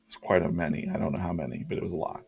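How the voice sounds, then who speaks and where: Gravelly low-voiced man telling a rambling story. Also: steady tone, rapid-fire, a little mellow. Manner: rambling, anecdotal, many fillers and restarts. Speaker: artist hosting a live drawing stream. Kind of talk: casual storytelling on a live stream.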